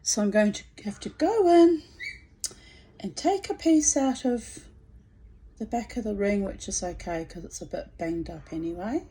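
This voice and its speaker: A woman's voice: mid-range voice, animated, unhurried, warm tone, breathy edge. Chatty, theatrical middle-aged woman vlogging. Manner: chatty, theatrical and rambling, with many fillers and asides. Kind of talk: casual spoken vlog. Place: at home. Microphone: phone camera.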